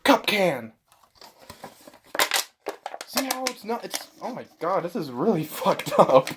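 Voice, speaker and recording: A man vlogging casually, excitable and swearing, talking to himself and his dog. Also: sits high, takes it slowly, long pauses, heavy background noise. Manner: excitable, swears, yelps and shouts at misses. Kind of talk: casual self-talk while filming.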